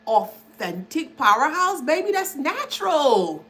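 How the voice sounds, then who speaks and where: High, laughing woman tarot reader. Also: unhurried. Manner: laughs often, animated, calls the listener baby. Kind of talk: casual spiritual reading vlog.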